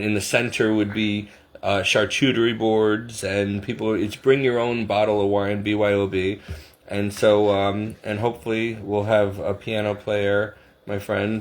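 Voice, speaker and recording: A middle-aged man talks in a relaxed, meandering way, poking fun at himself and breaking into laughs. His voice sits a little low. It sounds like an easygoing vlog chat. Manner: rambling, self-deprecating, laughs often. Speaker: vlogger. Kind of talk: casual chat to camera.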